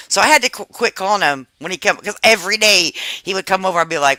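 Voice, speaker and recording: A woman's voice: medium pitch, huge pitch swings, measured pace, long pauses, pushed and bright, no echo. A middle-aged woman hosting a live stream, chatting casually with viewers, laughing often and swearing freely. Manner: frank and talkative.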